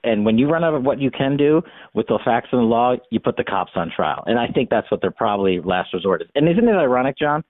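A man's voice: mid-range voice, lively intonation, fast talker, few pauses, dry recording. A man giving emphatic, argumentative political commentary as an interview guest. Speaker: guest, former congressional investigator. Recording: tinny phone-line sound, dry.

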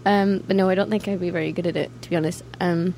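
A woman's voice: on the low side, fairly even intonation, quick pace, gravelly, dark tone, a little hiss or hum. A young woman with a Scottish accent, a band member chatting casually in an interview, laughing often and acting out quoted voices.

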